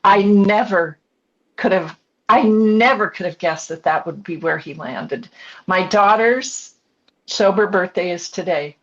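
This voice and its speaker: A woman's voice: medium pitch, measured pace. A woman in her sixties, an author and coach, earnestly telling her own family story as a podcast guest in short reflective phrases. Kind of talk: candid personal storytelling. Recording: dull lo-fi podcast audio.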